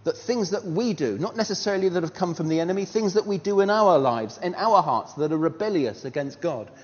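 A man preaching in a sermon, his fairly high voice leaping up and down as he tells a story and fires off rhetorical questions. The sound is dull, and a long reverb trails through a large hall. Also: brisk. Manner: animated, rhetorical questions, self-deprecating humour.

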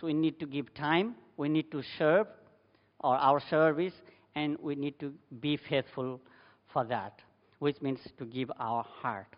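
Man preaching in a reverberant hall. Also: a little high. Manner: emphatic with rising bursts, many "you know" fillers. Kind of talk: sermon. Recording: dull sound with long hall reverb.

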